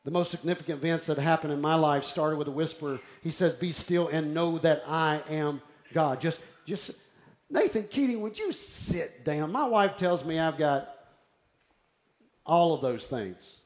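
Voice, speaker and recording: A man's voice: fairly high pitch, moderate pace. A man preaching a sermon, telling stories with energy and often dropping his voice to near-whispers. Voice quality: bald-headed preacher, restless and wired up. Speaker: pastor.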